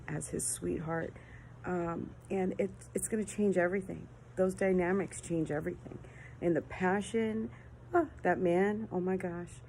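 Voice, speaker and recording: A woman calling in to a talk show, rambling and gushing with thanks and excitement. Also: fairly low pitch, creaky, a little hiss or hum, rough recording. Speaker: caller.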